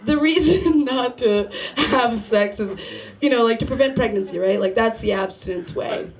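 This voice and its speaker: A woman's voice: fairly high pitch, moderate pace. A young woman doing a stand-up comedy set at a bar open mic, rambling and profane as she chats with the crowd. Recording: live crowd noise. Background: audience laughter.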